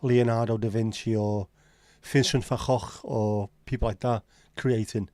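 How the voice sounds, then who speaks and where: A man with a Scouse accent hosts a relaxed livestream chat. His voice is mellow and warm, recorded close and dry. He talks in blunt, sweary banter as he reads and answers comments. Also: on the low side, a little slow, no room sound. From Liverpool, England. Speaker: livestream host. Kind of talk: casual chat reading live comments.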